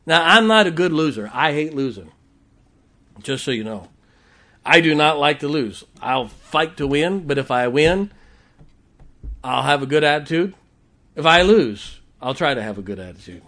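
A man's voice: on the high side, expressive, moderate pace, pauses often, a bit bright. A male pastor, preaching a sermon with rising, emphatic declarations and playful asides.

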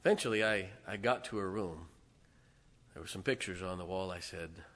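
Bright-voiced man preaching a story. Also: low voice, brisk. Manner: animated storytelling with loud bursts and soft asides. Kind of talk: sermon.

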